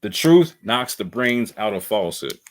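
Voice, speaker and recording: A man's voice: lowish voice, sing-song, normal speed. A man giving a heated, slangy video response, repeating himself for emphasis. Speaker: online commentator. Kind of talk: casual video rant.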